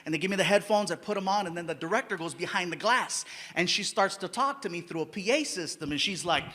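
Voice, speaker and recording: A male stand-up comedian telling stories on stage, animated and loud, slipping into playful voices and sound effects. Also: high voice, fast talker. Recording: live stage recording with noise.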